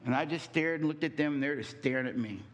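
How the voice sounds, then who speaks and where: Speaking a little high, a man gives a motivational talk about relationships. He tells a story, posing rhetorical questions and leaving deliberate pauses.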